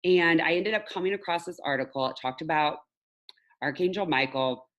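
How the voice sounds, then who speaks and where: A woman's voice: deep voice, moderate pace, fairly bright tone, highs cut off. A woman who works as a mindset coach tells a personal story in a candid, emotional way during a live online class. She laughs at her own slips and speaks straight to her viewers.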